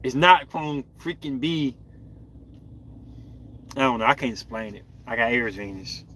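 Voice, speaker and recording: A man hosting a podcast, chatting casually and bluntly in slang with animated outbursts as he reacts to viewer comments. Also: medium pitch, moderate pace, slight background noise. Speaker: podcast host.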